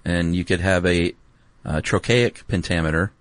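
A man's voice: low-pitched, normal speed, no echo. A man co-hosting a podcast, laid-back and wry, with many "um"s as he explains. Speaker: podcast co-host. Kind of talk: casual educational chat.

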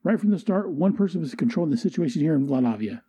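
A blunt, cool-headed female boss read by a man, slightly raised from his own pitch but still husky and dark. She speaks in clipped, businesslike lines from a comic. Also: animated, quick pace, highs cut off. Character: cold, tough female government boss.

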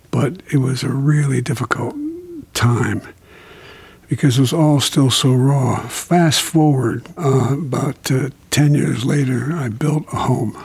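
Older guy, raspy gravelly voice, halting reflective talk, lots of uhs. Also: mid-range voice. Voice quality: gravelly, husky. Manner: slow, halting, with many fillers and restarts. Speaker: interview guest. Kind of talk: reflective conversation about grief.

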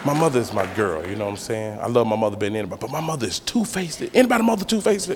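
Animated man doing stand-up before a crowd. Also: medium pitch, rapid-fire. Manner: animated storytelling, acting out voices. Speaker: stand-up comedian. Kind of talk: stand-up comedy set. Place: comedy club stage with live audience. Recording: live club recording, long reverb, loud crowd.

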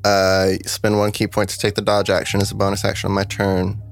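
Low gravelly guy at the game table, slow and hesitant, lots of ums. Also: completely flat delivery, soft background music. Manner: hesitant, measured, many fillers. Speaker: player. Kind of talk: casual tabletop play.

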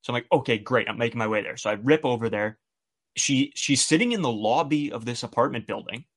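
A man's voice: mid-range voice, fairly quick. A man co-hosting a podcast, casually retelling a story and acting out the quoted dialogue. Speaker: podcast co-host.

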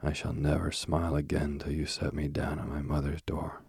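A man's voice: extremely low pitch, monotone, normal speed, gravelly, a little mellow, husky, dry recording, clean studio sound, exaggerated voice. A man reading a frightened young girl. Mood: defiant. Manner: pleading, tearful.

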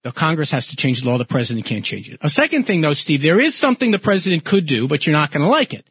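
A middle-aged man with a New York accent hosting a talk radio call-in show, arguing his points forcefully. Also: fairly high pitch, big pitch swings, fast talker, slightly rough. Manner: forceful, argumentative explaining.

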